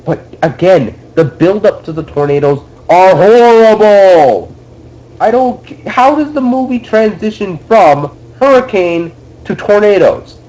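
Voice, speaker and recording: A man's voice: high voice, lively intonation, a little slow, mellow, highs cut off. A young man co-hosting a casual podcast, ranting about a bad movie with exasperated swearing. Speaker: podcast co-host.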